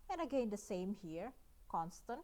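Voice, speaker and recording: A woman's voice: medium pitch, sing-song, moderate pace, darkish tone. A woman with an Indonesian accent giving a recorded math lecture, working through each step and often checking in with "yeah" and "right?".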